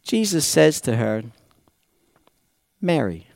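A man preaching a sermon dramatically, swinging from loud exclamations to hushed, reflective passages. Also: medium pitch, normal speed, no echo, clean studio sound.

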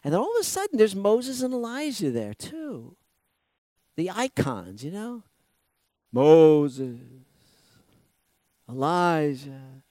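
A man with a high voice preaches a sermon with a lot of energy. He acts out the people he quotes and laughs often. The sound is dry and close. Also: huge pitch swings, slow, pauses often, warm tone, dry recording. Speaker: pastor.

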